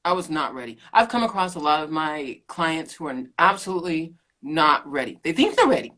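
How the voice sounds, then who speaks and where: Woman, middle-aged, podcast guest, lower pitch, animated storytelling, frequent laughter. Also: fairly quick. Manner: animated storyteller, laughs often, acts out quotes. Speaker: podcast guest, keto coach. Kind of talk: casual interview chat.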